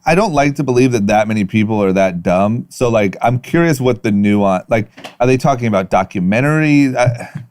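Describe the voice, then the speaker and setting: A man with a lively, expressive voice that swings widely in pitch, chatting casually as a podcast co-host. He asks questions with a dry, sarcastic edge. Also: normal speed. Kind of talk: casual chat.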